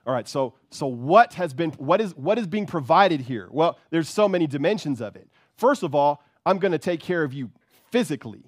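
A man's voice: on the high side, expressive, normal speed, no room sound, clean studio sound. A man preaching a sermon with fervor, repeating words and often checking in with "right?". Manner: fervent, repeats words, keeps asking "right?".

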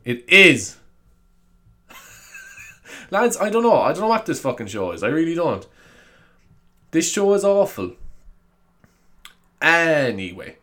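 A man's voice: a little high, big pitch swings, slow, pauses often, a bit bright. Rambling, self-mocking man. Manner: rambling, self-mocking, swears, laughs often. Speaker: podcast host. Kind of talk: solo comedic podcast chat.

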